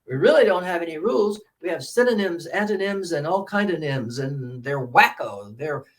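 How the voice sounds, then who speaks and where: A man's voice: a little high, moderate pace, a little hiss or hum. A man leading a workshop for English teachers, speaking into a microphone and animatedly modelling words. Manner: animated, demonstrative, drawing out words.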